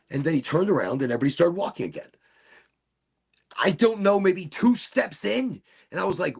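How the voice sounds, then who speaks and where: A man's voice: fairly high pitch, big pitch swings, normal speed, gravelly, breathy edge. A man hosting a casual podcast chat, telling rambling stories and swearing freely. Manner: rambling, swears a lot, repeats himself. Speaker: podcast host.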